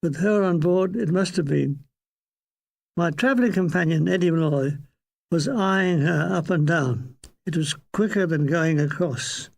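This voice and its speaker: An older man reading a comic memoir aloud with dry, deadpan wit. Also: a little high, measured pace, vocal fry. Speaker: narrator.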